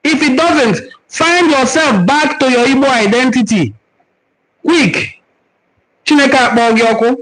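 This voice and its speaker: A man with a Nigerian accent speaks in a very high voice, a little slowly, with a fairly bright tone, on a low-quality recording. He hosts a cultural forum on a live stream, teaching and answering viewer comments in an earnest, preaching manner and repeating words for emphasis.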